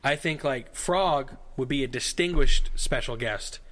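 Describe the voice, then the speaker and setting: A man's voice: mid-range voice, unhurried, fairly bright tone. A man co-hosting a casual podcast, rambling and digressive with a jokey tone. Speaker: podcast co-host. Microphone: headphones and studio mic.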